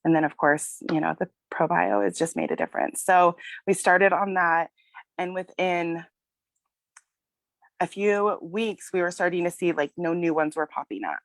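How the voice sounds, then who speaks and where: A woman in her thirties, a mother telling a personal story in a halting, tearful way and apologizing as she goes. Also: on the low side, expressive, dry recording. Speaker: guest sharing a testimonial.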